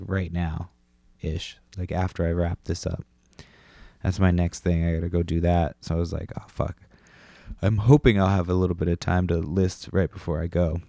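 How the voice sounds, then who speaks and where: A man's voice: low voice, gravelly, a little mellow, no room sound. A young adult man hosting a solo podcast, rambling casually with lots of profanity, fillers and restarts. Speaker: podcast host.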